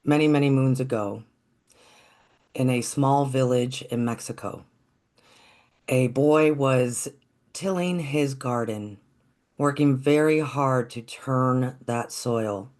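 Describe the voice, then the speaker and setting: A storyteller telling a folktale in a gentle, reflective, unhurried way. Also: mid-range voice.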